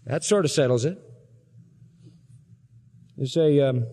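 A man's voice: medium pitch, slow pace, pauses often, mellow, slightly rough. A man preaching a sermon with emphasis and rhetorical questions, in a large church hall. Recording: long hall reverb.

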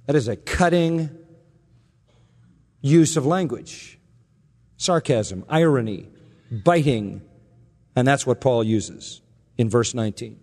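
A man's voice: medium pitch, big-room sound. A man preaching an expository sermon, emphatic and sarcastic, building in intensity as he drives his points home. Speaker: pastor.

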